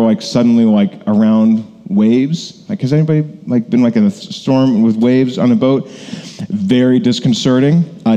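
A man's voice: mid-range voice, dark tone. A man preaching a conversational sermon, rambling with many fillers and self-corrections. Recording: long hall reverb.

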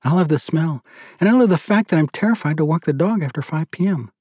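A man's voice: on the high side, lively intonation, fast, a little mellow, breathy edge, dry recording, studio quality, pitched above the performer's own voice. A man voicing a teasing young wife. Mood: joking. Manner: teasing, joking. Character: playful, affectionate young wife.

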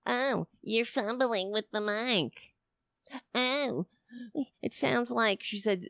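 Speaking slowly with vocal fry, a woman with a bright, somewhat high voice rants to her livestream chat about politics, swearing and sounding fed up. She uses a cheap home mic and headphones, and there's no room sound.

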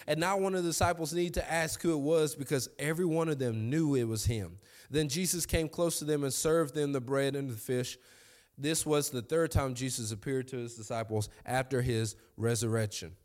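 Pastor guy preaching, gets loud and high when fired up, then goes quiet and chatty. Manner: animated, rising to high excited pitch when preaching. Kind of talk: sermon.

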